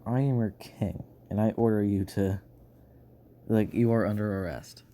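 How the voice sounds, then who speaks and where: A man's voice: lowish voice, fairly even intonation, normal speed, warm tone, slight background noise, close to an everyday voice. A man voicing a hostile, suspicious human king who gives blunt orders. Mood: commanding.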